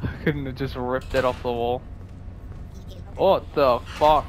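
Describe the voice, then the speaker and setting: A man giving jokey, swearing let's play commentary and reacting loudly to scares. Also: mid-range voice, fairly even intonation, a little slow, pauses often, background noise. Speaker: gaming video creator.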